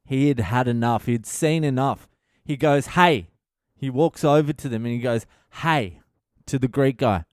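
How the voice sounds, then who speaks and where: A middle-aged man tells a profane story on his podcast. His voice is smooth and clear, recorded dry and close. He swears freely and acts out the people in the story as he goes. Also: mid-range voice, moderate pace, dry recording. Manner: animated, swears constantly, acts out quotes. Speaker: comedian and podcast host.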